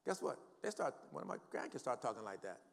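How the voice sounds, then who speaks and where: A man's voice: lowish voice, very animated, fast talker, vocal fry. An older man preaching a sermon in a church, quoting scripture emphatically and calling for responses from the congregation. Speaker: pastor. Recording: long hall reverb.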